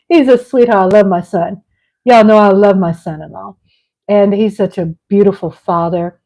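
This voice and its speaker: A middle-aged woman hosting her vlog at home, chatting casually with viewers; animated and gushing, laughing often and swinging from loud excitement to soft tenderness. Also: mid-range voice, moderate pace, vocal fry, rough recording. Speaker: vlog host. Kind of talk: casual live chat with viewers. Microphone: on a mic at home.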